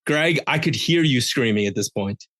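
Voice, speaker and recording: A man's voice: mid-range voice, animated, moderate pace, a bit bright, no echo. A man hosting a podcast, giving a casual, joking, rambling recap of a wrestling show. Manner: jokey, rambling, with playful asides. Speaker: podcast host.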